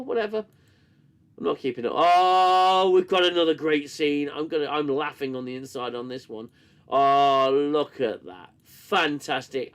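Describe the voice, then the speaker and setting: A man hosting a live-stream review, sarcastic and swearing, interrupted by coughing fits. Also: fairly high pitch. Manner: sarcastic, swears, reads chat and mocks scenes. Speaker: host reviewing a TV show. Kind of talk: casual live-stream commentary.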